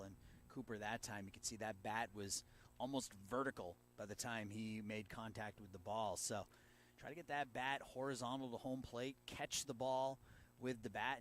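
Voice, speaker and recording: A man doing live play-by-play of a high school baseball game from an outdoor field, steady and rising sharply on big plays. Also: a little hiss or hum. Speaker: play-by-play announcer.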